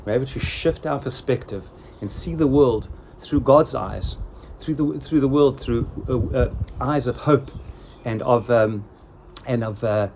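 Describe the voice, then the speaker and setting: A middle-aged man delivers a sermon in an earnest, measured way, often repeating his key phrases for weight. His voice sits in a middle pitch. A faint noise runs underneath the recording. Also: creaky, darkish tone. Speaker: rabbi giving a weekly Torah talk.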